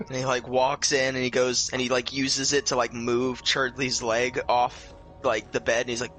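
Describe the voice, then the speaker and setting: A man's voice: medium pitch, monotone, moderate pace, hardly any pauses, fairly bright tone, faint music behind. A young man co-hosting a casual gaming stream, rambling through retold sketches with stammers and fillers. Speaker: co-host. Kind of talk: casual gaming commentary chat.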